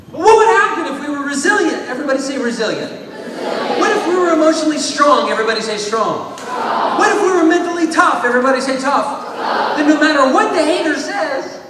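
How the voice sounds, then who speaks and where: A man giving a lively anti-bullying talk at a school assembly, his pitch swinging up and down as he drills the students with repeat-after-me lines. He is heard from some distance down a mic on a stand. His voice rings through a big, echoing hall with a long reverb tail and a faint hiss underneath. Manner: animated, leads call-and-response chants. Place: large school hall or gym. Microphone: small microphone on a stand. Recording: echoey hall, voice from far off.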